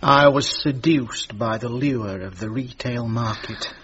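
A man's voice: medium pitch, measured pace, a bit bright, close to an everyday voice. A man voicing a fussy, creepy middle-aged man, talking in a prim, pompous way. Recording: dull lo-fi sound.

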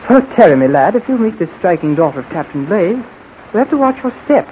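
A man's voice: sits high, very animated, a little fast. A man with a British accent playing a chatty, boastful British officer in 1940s radio acting, heard on a dull old radio recording with faint hiss. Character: smooth-talking British officer, flirtatious and boastful.

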